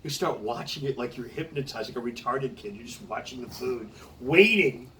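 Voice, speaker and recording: A man's voice: mid-range voice, normal speed. A man chatting casually and telling stories with lots of swearing, often laughing as he talks. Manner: profane, laughing, animated storyteller. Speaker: comedian. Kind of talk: casual chat. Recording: distant mic with faint noise.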